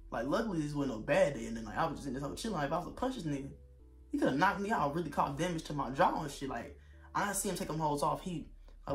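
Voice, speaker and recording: A young man tells a story in a loose, slangy vlog. His voice sits a bit high for a man, and he gets loud and animated when he acts out what he said. Faint music plays underneath. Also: fast. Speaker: vlogger. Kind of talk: casual storytelling.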